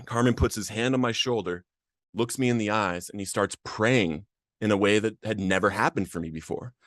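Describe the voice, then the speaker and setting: A man's voice: lowish voice, normal speed, fairly bright tone, dry recording, clean studio sound. Earnest man telling his recovery story. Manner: earnest, emotional storytelling with repeated restarts. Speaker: podcast host. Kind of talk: personal recovery testimony.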